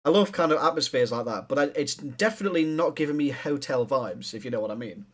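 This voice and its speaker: A man's voice: medium pitch, expressive, fast, background noise. A man hosting a reaction video, talking bluntly and swearing often as he critiques what he watches. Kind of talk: casual reaction commentary.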